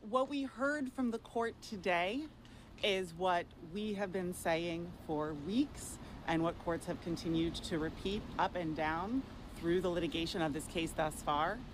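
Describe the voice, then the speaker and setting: A woman lawyer giving a press statement in a firm, measured, formal manner. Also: on the low side, noisy background.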